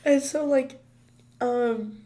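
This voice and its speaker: A hoarse woman co-hosting a podcast, telling a story in an excitable way, laughing often and filling her talk with "like". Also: high-pitched, drawn-out words. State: hoarse from illness. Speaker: podcast co-host. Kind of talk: casual chat, animated storytelling.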